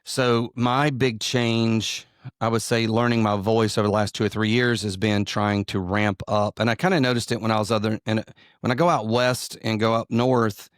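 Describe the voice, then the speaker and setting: In an interview conversation, a middle-aged Southern comedian and pastor speaks in a drawl, rambling through self-deprecating stories and restarting often. His lowish voice has a flat delivery at a moderate pace. It's recorded in a studio with no room sound.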